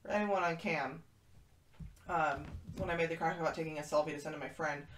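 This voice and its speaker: Woman, low voice, chatty livestream host, reads out chat, echoey room, off-mic, background noise. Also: fairly even intonation, a little fast, far from the mic. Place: kitten room, indoors.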